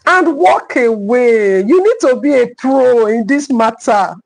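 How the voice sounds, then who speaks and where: A woman's voice: fairly high pitch, lively intonation, slow pace, vocal fry, darkish tone, rough recording. A middle-aged woman with a Nigerian English accent, a clinical psychologist teaching a live online parenting class, emphatic and repeating her key points.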